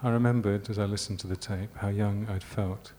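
Male novelist from Yorkshire, low voice, calm live reading of his own prose, faint room noise. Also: brisk. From Yorkshire, England. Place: small live reading event.

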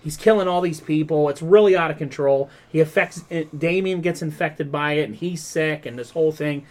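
A man hosting a podcast, retelling a story in a rambling, animated way, with lots of "like" and "um". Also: a little high, fairly quick. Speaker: podcast host. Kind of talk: casual podcast chat.

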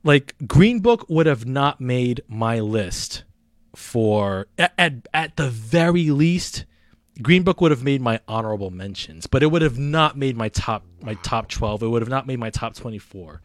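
A man in a casual movie-review chat, rambling and full of restarts and fillers. His pitch sits in the middle range. The sound is dry and close. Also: animated, unhurried, dry recording.

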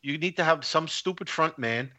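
A man's voice: fairly high pitch, sharp tone. A man co-hosting a podcast, talking bluntly and swearing in casual chat. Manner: blunt, profane, quick. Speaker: podcast co-host.

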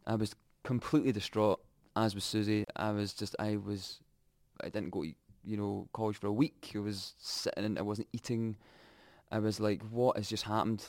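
A young Scottish man telling his own story candidly, reflective and halting, often restarting his sentences. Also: fairly low pitch, little pitch movement, darkish tone, no room sound, studio quality.

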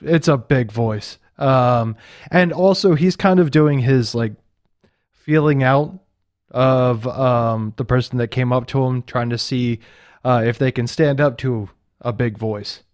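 A man at a tabletop game explaining his character in a halting way. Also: mid-range voice, darkish tone. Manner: halting, full of fillers. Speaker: player.

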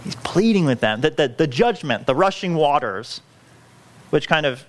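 A male pastor delivering a sermon in an earnest, pleading way. His voice sits a little high for a man and swings widely in pitch. He often restarts his phrases mid-thought. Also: big pitch swings, normal speed. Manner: earnest, pleading, self-correcting with frequent restarts.

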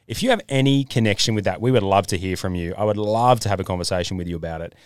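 An Australian man co-hosting a casual podcast, telling stories and doing quick impressions of people he quotes. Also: lowish voice, clean tone, no echo, studio quality. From North Queensland, Australia. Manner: storytelling, animated impressions of others. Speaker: podcast co-host. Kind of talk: casual chat.

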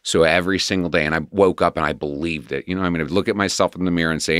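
A man's voice: low voice, steady tone, rapid-fire, few pauses, a bit bright, clear, resonant tone, dry recording, clean studio sound. A man talking candidly about his past in an open, self-deprecating way, as a guest in conversation.

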